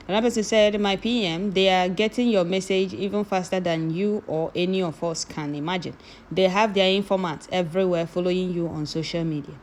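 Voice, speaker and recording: A woman's voice: lowish voice, slight background noise. Woman reading and scolding. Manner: switches from calm reading to loud scolding. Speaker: commentator reading viewer comments. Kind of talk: reading and answering comments.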